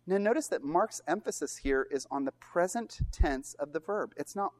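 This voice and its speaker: A man's voice: fairly high pitch, normal speed, hardly any pauses. A man preaching a sermon, retelling a scripture passage with emphatic rhetorical questions. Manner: animated storytelling with rhetorical questions; emphatic and earnest.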